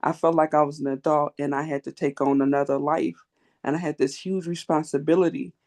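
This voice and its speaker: A woman's voice: low-pitched, fairly even intonation, a little fast, a little mellow. A woman in her forties, joining an online group talk over a video call and candidly sharing a personal turning point. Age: 40s. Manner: earnest, candid. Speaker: participant.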